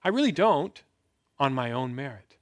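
A man's voice: medium pitch, very animated, normal speed. A man in his thirties giving a conversational sermon as a pastor, asking rhetorical questions and leaning hard on key words. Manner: conversational preaching with rhetorical questions and emphatic rises. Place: indoors, filmed talk.

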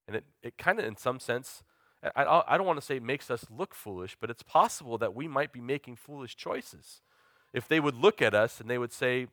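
A man's voice: medium pitch, fairly bright tone, no echo, clean studio sound. A man, preaching an earnest sermon that mixes personal testimony with questions to the congregation. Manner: earnest, confessional, asks the listeners questions.

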